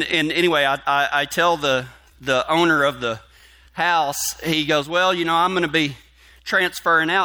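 A man's voice: on the high side, pushed and bright. A middle-aged man preaching a sermon, telling a personal story in a folksy way with many restarts before growing fervent. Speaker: pastor.

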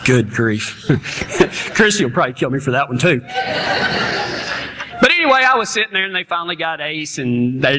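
Male preacher, middle-aged, folksy laughing storyteller, high and bright voice. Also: animated, a little fast. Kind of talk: storytelling sermon.

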